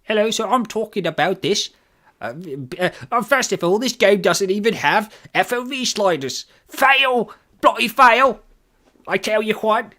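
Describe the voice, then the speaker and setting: A man voicing a cheeky, blustering British game critic, rambling in a mock accent full of slang, raised a little in pitch. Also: unhurried, hardly any pauses, bright, forceful tone. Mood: mock ranting.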